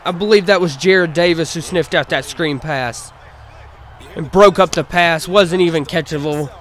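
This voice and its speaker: A man's voice: on the high side, normal speed. Man calling video game plays like a sportscaster. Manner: mock sportscaster calling plays, relaxed with fillers. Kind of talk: casual play-by-play commentary over gameplay.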